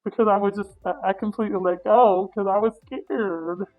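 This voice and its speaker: A woman telling a wild story in casual talk, animated and full of swearing, acting out her own reactions with sudden high, loud bursts. The audio is dull and lo-fi, with faint music underneath. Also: moderate pace. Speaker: interview guest.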